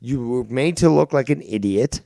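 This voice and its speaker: A man's voice: mid-range voice, moderate pace, vocal fry, mellow, dry recording. A male live stream host in a heated call-in argument, confrontational and swearing constantly.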